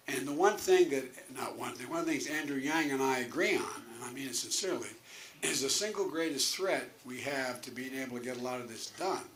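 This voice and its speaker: A man's voice: medium pitch, fairly bright tone, a little hiss or hum. An older man, a political candidate, giving an earnest debate answer full of restarts and trailing asides.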